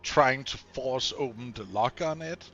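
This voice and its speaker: A man's voice: medium pitch, measured pace, a bit bright, lo-fi sound, faint music behind. A man narrating as game master of a tabletop role-playing game, describing scenes and now and then speaking for characters.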